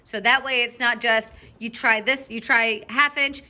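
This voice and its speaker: Woman dog trainer, bright tone, slightly high voice, upbeat coaching, high bursts of dog praise. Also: fairly even intonation, a little slow. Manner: upbeat, directive, frequent check-in "okay?". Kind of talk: coaching a student during a live lesson.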